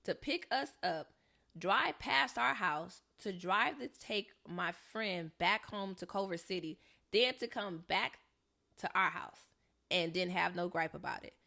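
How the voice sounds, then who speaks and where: A woman's voice: on the low side, a little slow, creaky. A young woman from Southern California co-hosting a podcast, telling a story in casual chat and acting out the people she quotes. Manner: animated, acts out quoted voices. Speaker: podcast co-host.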